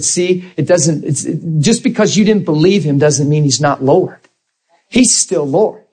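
Husky preacher telling a story. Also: male voice, a little high. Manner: animated storyteller acting out dialogue. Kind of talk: sermon with storytelling.

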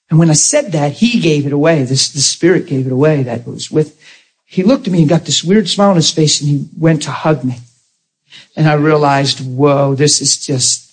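A man preaching a sermon to a congregation, telling a story with animated delivery and loud laughing outbursts. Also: a little high, breathy edge.

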